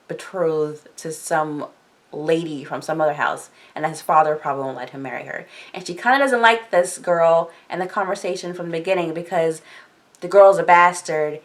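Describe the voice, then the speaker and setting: A woman's voice: low-pitched, fairly even intonation, normal speed. A woman casually recapping a book on her vlog in a chatty manner, with many filler words. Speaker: book discussion vlogger.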